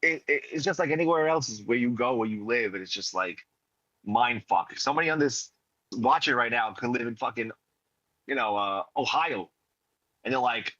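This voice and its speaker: A man from New York talks in a bright, forceful voice with a New York accent. He rambles and swears through a loose podcast chat. The sound is dry and a little dull. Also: mid-range voice, normal speed, no room sound. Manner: rambling and profane, heavy fillers. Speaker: podcast co-host. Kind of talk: casual chat.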